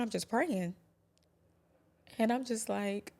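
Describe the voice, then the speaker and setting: Low gravelly woman telling her story. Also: fairly even intonation. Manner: quiet, halting, drops to a whisper at hard moments. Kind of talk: personal testimony.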